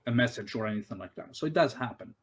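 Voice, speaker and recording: Halting man running a tabletop game. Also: mid-range voice. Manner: halting, many fillers and restarts. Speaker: game master.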